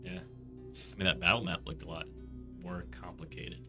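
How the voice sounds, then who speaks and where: A man playing in a tabletop game, playful and quick to laugh, with faint music behind. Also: deep voice, sharp tone. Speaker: player.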